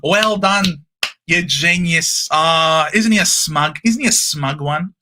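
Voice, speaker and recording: A man hosting a live-stream football watchalong, calling the play with animated cheers and banter. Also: on the high side, slow pace, background noise. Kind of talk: excited live sports commentary.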